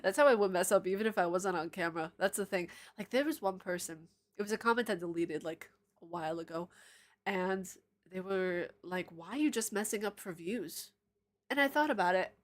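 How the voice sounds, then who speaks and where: A woman's voice: lowish voice, fairly quick. Chatty woman streamer answering comments. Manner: chatty and rambling, laughs often, drifts into tangents. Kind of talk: casual live-stream chat, answering viewer comments.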